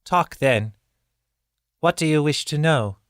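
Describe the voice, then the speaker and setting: A proud, terse bird-folk advisor, voiced by a man, talking in clipped, scornful phrases. Her voice sits high above his own and carries a touch more force than his narration. It is an audiobook reading in a dry booth. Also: animated, slow, no room sound. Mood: subdued.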